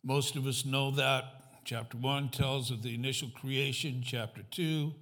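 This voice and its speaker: A man's voice: medium pitch, fairly even intonation, unhurried, fairly bright tone. A man as guest pastor giving a sermon in a church, conversational, putting questions to the congregation, with light self-deprecating humor. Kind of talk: sermon with a joke opener.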